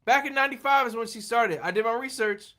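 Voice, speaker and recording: A man's voice: very high voice, quick pace, bright, forceful tone. A man hosting a livestream, rambling in casual chat, laughing often and poking fun at himself while answering viewers. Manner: rambling, laughing, self-deprecating. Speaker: livestream host.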